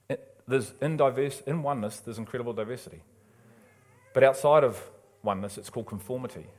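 A man preaching a sermon in a church, passionate and emphatic, swinging between loud urgent calls and quiet pleading. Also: mid-range voice.

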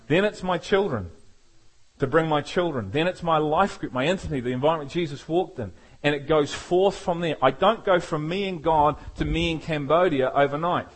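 High-voiced preaching man. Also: normal speed. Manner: animated, acts out quoted voices. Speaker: pastor. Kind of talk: sermon.

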